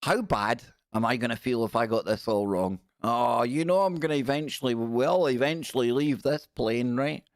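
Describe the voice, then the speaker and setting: A man's voice: medium pitch, expressive, normal speed, hardly any pauses, dry recording, studio quality. A man hosting a casual livestream, joking wryly and reading news passages aloud. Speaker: livestream host. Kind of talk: casual live-stream commentary.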